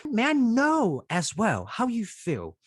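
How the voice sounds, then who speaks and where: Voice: mid-range voice, wildly swooping pitch, takes it slowly, slightly rough, no room sound, clean studio sound. A podcast host from Taiwan, interviewing a guest with curious, encouraging questions and frequent laughter. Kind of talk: casual interview chat.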